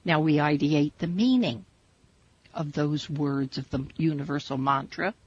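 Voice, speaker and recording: A woman teaching a spiritual meditation, guiding listeners in slow, measured, soothing instructions. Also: deep voice, darkish tone, husky, no echo. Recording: dull lo-fi recording.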